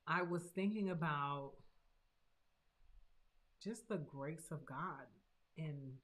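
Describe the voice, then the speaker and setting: A woman's voice: low voice, slow, a bit bright. A woman, a therapist and host, talking earnestly and encouragingly about her own hard experience. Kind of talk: heartfelt personal talk.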